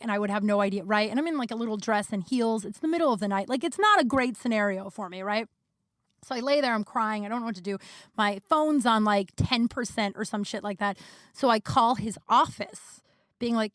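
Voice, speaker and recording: A woman with a fairly high voice tells a personal story on her podcast. She speaks frankly and casually, swears freely and fills her sentences with "like". The sound is close and dry, with no room echo. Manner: candid, swears freely, heavy use of "like". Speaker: podcast host.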